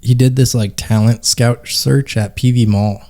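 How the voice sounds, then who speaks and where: A man's voice: medium pitch, steady tone, a little slow, mellow. A young man co-hosting a podcast, trading playful jokes and made-up facts in a casual chat. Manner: playful, tells made-up facts, laughs often. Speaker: podcast co-host.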